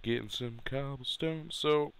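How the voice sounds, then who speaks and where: A man's voice: mid-range voice, measured pace, a little hiss or hum. A young man giving casual solo commentary while playing a game, easily startled and chatting to his pet dog. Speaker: gameplay commentator. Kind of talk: solo let's play commentary.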